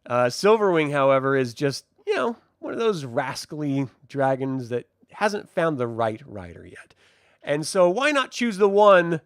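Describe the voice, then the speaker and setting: A man's voice: fairly high pitch, unhurried, clean tone, no room sound, studio quality. A man casually reviewing a TV episode, rambling and joking as he recaps. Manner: jokey, rambling, animated.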